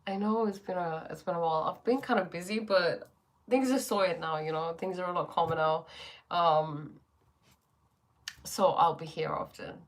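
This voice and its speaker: Female host, spiritual livestream, lowish voice, reflective, sore throat, home webcam feel. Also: moderate pace. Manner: reflective, greets viewers, many fillers. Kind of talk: casual spiritual talk on a livestream. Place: her bedroom.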